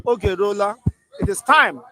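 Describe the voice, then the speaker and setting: Nigerian man, host, high sharp voice, dry close sound, chatty storyteller. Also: moderate pace, dry recording, poor audio. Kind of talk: casual talk show.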